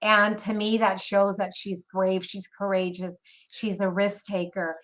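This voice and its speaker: Woman host, bright and forceful tone, earnest and admiring. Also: mid-range voice, flat delivery, measured pace. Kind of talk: heartfelt tribute.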